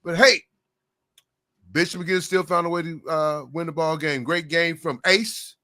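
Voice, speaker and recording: Animated high-voiced man talking hoops. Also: normal speed. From Oklahoma, US. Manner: animated, rambling, calls co-host Coach. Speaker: podcast host. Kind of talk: casual sports talk.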